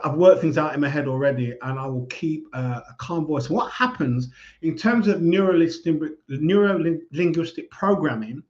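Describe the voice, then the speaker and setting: A man giving calm, measured advice in a casual talk. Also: a little high, lo-fi sound. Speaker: speaker giving life advice.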